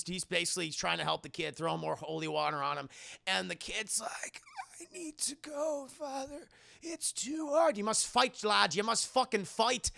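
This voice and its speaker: A man recapping a TV episode on a live stream in a casual, animated, profane way, often addressing his chat. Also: on the high side, vocal fry, no room sound, studio quality. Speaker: streamer and TV reviewer.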